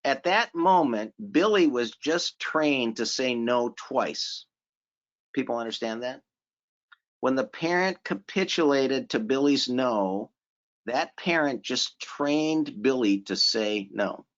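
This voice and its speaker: A man presenting a seminar in a relaxed, conversational way, repeating phrases for emphasis and asking the audience questions. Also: medium pitch, slow pace. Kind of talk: conversational lecture. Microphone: remote conference audio. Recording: slightly dull audio from a virtual conference.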